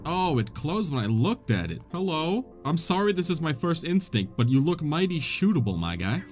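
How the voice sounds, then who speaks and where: Lively wisecracking man playing a game. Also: a little high, moderate pace, soft background music. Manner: jokey, wisecracking, laughs a lot. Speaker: gaming channel host. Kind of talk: let's play commentary.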